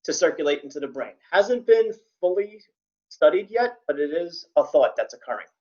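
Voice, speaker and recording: A man's voice: fairly high pitch, big pitch swings, moderate pace, warm tone. A man lecturing as a CPR instructor, plain-spoken with dry joking asides. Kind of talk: classroom lecture. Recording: dull lo-fi recording.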